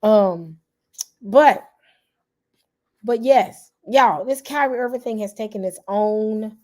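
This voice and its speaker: A woman's voice: mid-range voice, slow pace. Chatty woman in her forties. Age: 40s. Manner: chatty and animated, calls out to viewers, frequent "y'all". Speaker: YouTube channel host. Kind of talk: casual livestream chat.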